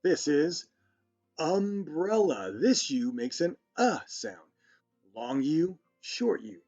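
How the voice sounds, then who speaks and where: Slow, encouraging man teaching children. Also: on the high side, big pitch swings, darkish tone. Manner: slow, encouraging, praising often. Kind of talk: children's phonics lesson. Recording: dull lo-fi sound with faint music.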